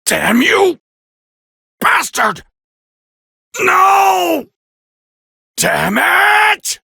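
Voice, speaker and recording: An actor playing an arrogant, proud alien warrior prince, barking boastful taunts and battle cries in gravelly video game voice clips. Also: male voice, extremely high pitch, wildly swooping pitch, extremely slow, sharp tone, dry recording, shouting, clean studio sound, heavily acted. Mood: arrogant, furious. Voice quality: gravelly, raspy. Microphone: close studio mic, dry.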